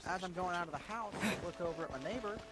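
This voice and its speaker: A man's voice: high-pitched, racing. A man telling rambling, swear-filled stories in casual chat during a game stream. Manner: rambling storyteller, swears often. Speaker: streamer's friend. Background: game music.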